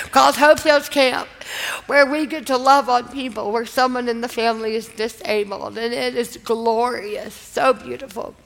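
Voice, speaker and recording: A woman's voice: on the high side, fairly bright tone, in a large hall, low-quality recording. A woman giving an earnest, emotional personal testimony at a live faith event, talking in a casual storytelling way. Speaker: guest speaker.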